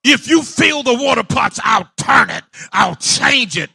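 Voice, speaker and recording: A male pastor a fiery sermon, shouting and repeating his points. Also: extremely high pitch, big pitch swings, a little slow, gravelly, slightly rough, dry recording. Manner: shouting, call-and-response preaching.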